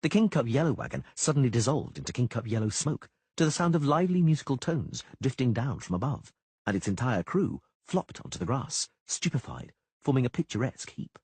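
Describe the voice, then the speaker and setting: Male audiobook narrator, husky and very animated, dry close sound. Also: medium pitch, brisk, dry recording. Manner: dramatic, animated delivery. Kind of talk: scripted fantasy audiobook narration.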